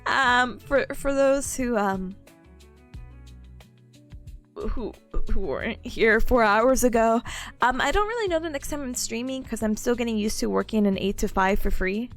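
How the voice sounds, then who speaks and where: A woman's voice: a little high, measured pace, long pauses, soft background music. A young woman streaming casually, playful and giggly, mocking herself as she chats to her viewers. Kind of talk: casual live-stream chat.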